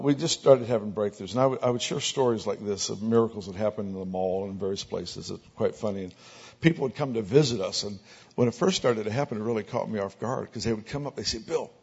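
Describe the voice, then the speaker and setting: A man preaching as a pastor, telling anecdotal stories in a sermon and growing louder and more excited as they build. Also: fairly low pitch, breathy edge. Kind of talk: sermon storytelling. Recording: dull lo-fi recording.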